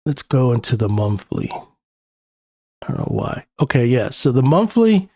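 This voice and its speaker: A man's voice: mid-range voice, sing-song, unhurried, a little mellow, no room sound, clean studio sound. A young man with a New York accent talks casually through market charts as a technical analyst, thinking aloud with plenty of uhs and you-knows. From New York City. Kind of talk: screen-share chart analysis.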